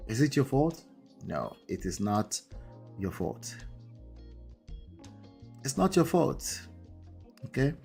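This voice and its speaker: A man's voice: mid-range voice, very animated, slow pace, gravelly, long pauses, dark tone, soft background music. A man with an accent, hosting a live marriage-coaching stream in a conversational way, often checking in with "right?" and "okay?". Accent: non-native English accent. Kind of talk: livestream talk.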